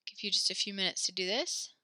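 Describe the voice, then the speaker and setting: A woman teaching a French lesson in a very bright, crisp voice. She explains the grammar patiently and step by step, and praises her students along the way. The sound is dry and close. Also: medium pitch, fast talker, dry recording. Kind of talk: classroom teaching.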